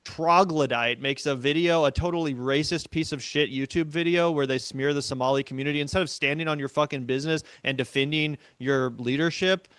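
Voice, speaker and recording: A man's voice: on the high side, steady tone, brisk, hardly any pauses, fairly bright tone, smooth, no echo. Profane, ranting man in a dry room. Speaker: podcast guest. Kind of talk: casual political chat.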